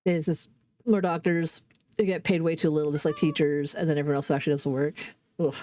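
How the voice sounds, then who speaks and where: A woman's voice: low-pitched, fairly even intonation, fast, mellow. A Canadian woman streaming a game, chatting candidly and swearing freely, with rambling restarts. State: under the weather. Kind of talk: casual gaming stream chat.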